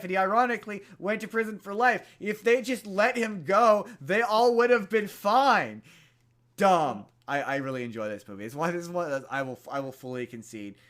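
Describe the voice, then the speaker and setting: A young man on a casual podcast, slightly higher-pitched than most men. He rambles through a movie plot full of "like" and restarts, getting animated as he goes. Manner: rambling retelling of a movie plot with many fillers. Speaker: podcast co-host. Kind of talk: casual chat.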